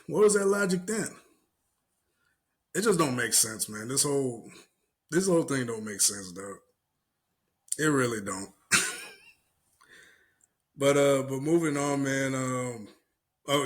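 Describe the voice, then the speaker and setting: A man's voice: medium pitch, a little slow, long pauses. A young man co-hosting a podcast, retelling an online argument in casual, profane slang and mimicking the people in it. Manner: animated retelling with mimicked voices, cursing, laughing. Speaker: podcast co-host. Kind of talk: casual chat.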